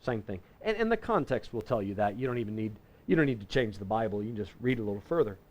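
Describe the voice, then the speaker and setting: A man teaching a Bible lesson in a folksy, conversational way, slowing down to read scripture verses. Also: lowish voice, sing-song. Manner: folksy and conversational, reading scripture slowly and deliberately; self-correcting with frequent restarts. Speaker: pastor teaching a Bible class.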